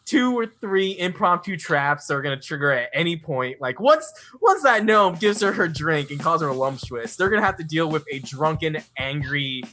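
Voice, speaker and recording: Man, tabletop player, excitable, self-mocking, tense bright voice, higher pitch. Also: normal speed, few pauses, slight background noise. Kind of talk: casual chat at a tabletop game.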